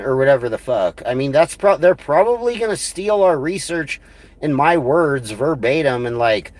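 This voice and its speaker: A man's voice: medium pitch, a little slow. A man on a livestream, ranting crudely and scornfully in a rambling way. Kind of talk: profane livestream rant.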